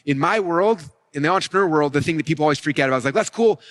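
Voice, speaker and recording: A man teaching a live marketing session, fast and energetic, often acting out customers' thoughts. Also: a little high. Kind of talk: live event teaching talk.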